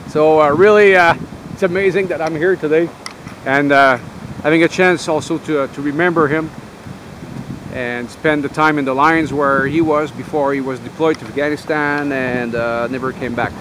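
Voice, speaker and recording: A man's voice: fairly high pitch, steady tone. Rambling veteran man, windy outdoor take. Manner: rambling, halting, full of uh and um. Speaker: army veteran vlogger. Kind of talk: casual storytelling to camera.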